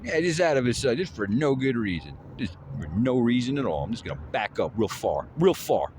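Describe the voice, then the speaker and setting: A man's voice: mid-range voice, big pitch swings, brisk, darkish tone, a little hiss or hum. A man recording himself on his phone, rambling through boastful, playfully taunting trash talk about a fight. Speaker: vlogger.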